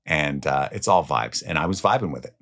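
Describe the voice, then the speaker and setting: A man with a very low, deep voice gives his picks of the year's films in a loose, chatty way. His delivery swings between excited, louder bursts and quiet, muttered asides, with the odd swear word. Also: fairly quick. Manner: enthusiastic, swears casually, jumps between loud highs and quiet lows. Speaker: film reviewer. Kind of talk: casual spoken movie countdown.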